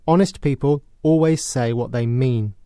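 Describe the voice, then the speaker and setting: A British man presenting a scripted English lesson, explaining clearly in a measured way. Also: medium pitch, warm tone, dry recording, clean studio sound. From Britain. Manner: clear, measured, explanatory, with acted sarcastic example lines. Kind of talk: scripted educational narration.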